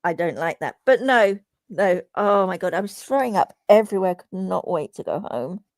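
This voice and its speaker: A woman's voice: medium pitch, expressive, normal speed, darkish tone, dry recording, clean studio sound. A woman hosting a game stream, telling rambling stories in casual chat and reading viewer comments aloud. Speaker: streamer host.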